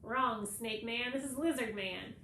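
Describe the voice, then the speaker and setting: A woman reading aloud voices a joking boy friend with a creepy, croaky voice, in an echoey room. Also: a little high, unhurried, sharp tone, a little hiss or hum. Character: boy Toby, jokey friend on the phone.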